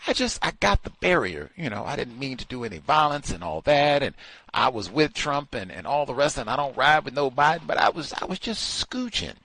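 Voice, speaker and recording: A man's voice: mid-range voice, very animated, fairly quick, bright, forceful tone, no echo, exaggerated voice. A man voicing an evasive male rioter who stammers and downplays his violence in folksy slang. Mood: sheepish excuses.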